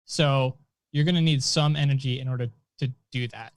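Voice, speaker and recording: A man co-hosting a casual chat about streaming, speaking thoughtfully with pauses. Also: medium pitch, fairly even intonation, smooth, no echo. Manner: thoughtful, with fillers and restarts. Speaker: co-host.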